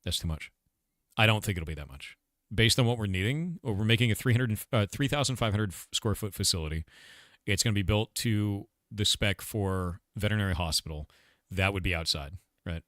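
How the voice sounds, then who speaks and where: A man's voice: deep voice, a bit bright, no echo, clean studio sound. A man casually chatting with his livestream audience, rambling and blunt, swearing now and then. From United States. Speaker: streamer and game developer.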